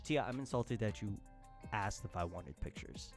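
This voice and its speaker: A man streaming live, chatting casually with his viewers, laughing often and breaking into loud outbursts. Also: on the low side, moderate pace, soft background music. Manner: addresses chat as y'all, slangy.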